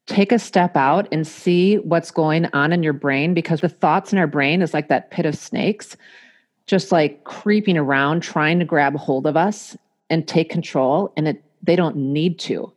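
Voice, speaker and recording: Woman, low voice, podcast host, measured and thoughtful. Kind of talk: casual podcast conversation.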